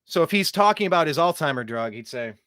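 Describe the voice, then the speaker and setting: A man hosting a talk show rants about clips in a lively, sing-song voice that leaps up and down in pitch. He sits a little high for a man and mocks what he hears, slipping into silly voices. The sound is close and dry, with no room around him. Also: fast, clear, resonant tone, no room sound. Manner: animated, mocking, does voices while ranting. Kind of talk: opinionated commentary over clips.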